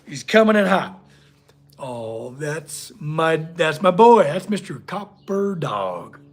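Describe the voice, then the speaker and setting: A man's voice: a little high, big pitch swings, slow. A man hosting a casual livestream from his workshop, chatting with viewers and talking to his dog. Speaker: blacksmith livestream host.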